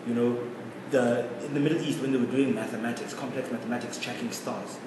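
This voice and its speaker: A man's voice: medium pitch, steady tone, fairly quick. A man in his twenties from South Africa, co-hosting a casual podcast chat, opinionated and laughing often. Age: 20s. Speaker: podcast co-host. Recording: echoey room, mic far off, background noise.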